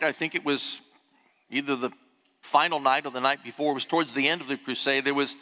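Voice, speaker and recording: An older man, a pastor, preaching a sermon and telling a story with animated emphasis. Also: medium pitch, in a large hall. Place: church sanctuary.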